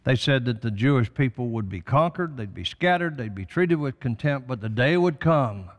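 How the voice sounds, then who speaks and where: An older man appears as a talk show guest, speaking about faith and prophecy with emphatic, preacherly conviction. His mid-range voice is animated and moves at a normal pace, with a big-room sound.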